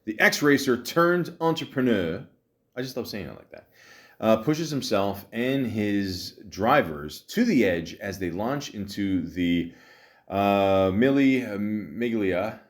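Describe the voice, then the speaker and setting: A man's voice: lowish voice, lively intonation, slow, a bit bright. Profane, rambling male podcast host. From half Italian, half Greek heritage. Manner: rambling, profane, joking, many fillers and restarts. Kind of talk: casual solo podcast commentary.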